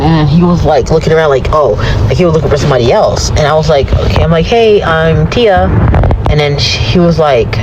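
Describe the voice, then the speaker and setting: A woman on the verge of tears, telling a vlog story in a hesitant, halting way. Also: deep voice, dull audio, background noise. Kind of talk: tearful vlog confession.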